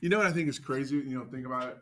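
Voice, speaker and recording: A man teaching a math class, joking with students and quizzing them with quick questions. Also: medium pitch.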